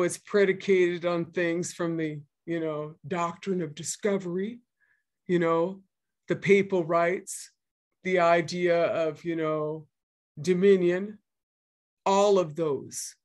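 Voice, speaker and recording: A woman's voice: on the low side, fairly even intonation, slow pace, darkish tone. Emphatic woman, sixties, speaking at a public session; earnest, restates her main points, many fillers. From northern Minnesota. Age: 60s. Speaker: guest speaker.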